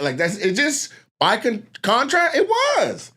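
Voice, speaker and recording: A man with a slightly high voice talks through a casual chat. He swears freely and tells stories with energy, slipping into the voices of people he is quoting. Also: moderate pace, few pauses. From Lacey, Washington. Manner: animated, profane, acts out quoted voices. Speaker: comedian guest.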